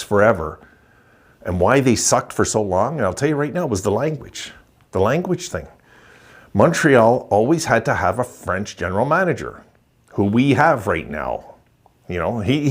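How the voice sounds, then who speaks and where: A man in his sixties giving an excited, chuckling postgame rant as a hockey vlogger, repeating himself for emphasis. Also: lowish voice. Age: 60s. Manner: gleeful, chuckling, emphatic repetition.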